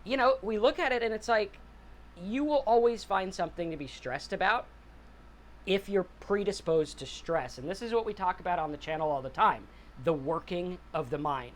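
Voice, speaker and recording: In a high-pitched voice and at a moderate pace, a forties-aged sobriety-channel host rambles earnestly through a casual, reflective monologue. He keeps checking in with listeners by asking "right?", and slight background noise can be heard.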